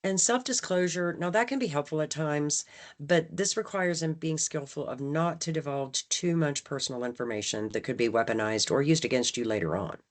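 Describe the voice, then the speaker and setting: In a training presentation for staff, a low-pitched woman speaks at a moderate pace in a conversational way. She frequently asks "right?" and acts out phrases, shifting her emphasis.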